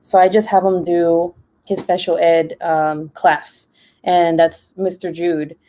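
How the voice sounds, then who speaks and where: A young woman talks into her laptop from home, casual and rambling. Her voice is warm and mellow, and she laughs easily between her "like"s. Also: on the low side, flat delivery, slow pace, a little hiss or hum. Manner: chatty, many "like" fillers, laughs often. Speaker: live stream host. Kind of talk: casual chat while crafting.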